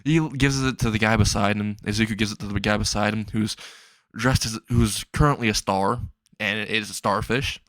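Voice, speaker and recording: A man casually narrating an improvised fan-fiction story, rambling and excitable, swearing freely and briefly voicing the characters. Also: lowish voice, moderate pace, no echo.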